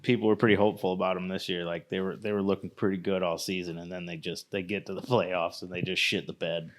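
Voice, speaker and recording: A man's voice: sits low, flat delivery, quick pace. Man, podcast co-host, laid-back, profane, laughs often. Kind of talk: casual podcast chat.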